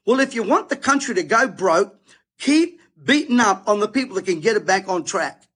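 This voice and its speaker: A man's voice: high voice, expressive, moderate pace, a bit bright, breathy edge. A middle-aged Australian man hosting, delivering a fired-up, emphatic, preachy monologue to his audience. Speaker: host. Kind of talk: impassioned monologue to camera.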